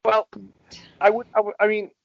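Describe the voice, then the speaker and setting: A man's voice: sits high, monotone, moderate pace, gravelly, no echo. A man with a British accent, co-hosting a podcast in an easygoing, casual chat, often repeating words as he starts. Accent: British English. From United Kingdom. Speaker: podcast co-host. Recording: dry, slightly dull lo-fi audio.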